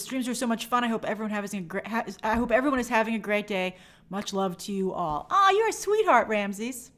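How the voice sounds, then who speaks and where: A woman hosting a casual livestream, reading viewer comments aloud and answering them chattily. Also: mid-range voice. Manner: animated, bubbly sign-offs. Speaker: host.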